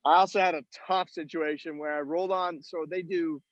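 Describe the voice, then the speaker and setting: A man with a slightly high voice tells self-deprecating golf stories, swearing freely in a casual, rambling way. He is calling in from outdoors at a golf event. The sound is dull and lo-fi, with little room echo. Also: steady tone, fairly quick. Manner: profane storytelling, self-mocking. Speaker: podcast co-host. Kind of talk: casual chat.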